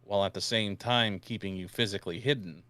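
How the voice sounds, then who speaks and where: Guy in a voice-call tabletop game, lowish dry voice, rambly and crude with a put-on new york accent. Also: fairly even intonation, brisk, pushed and bright, no room sound. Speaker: player. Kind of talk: in-character tabletop role-play.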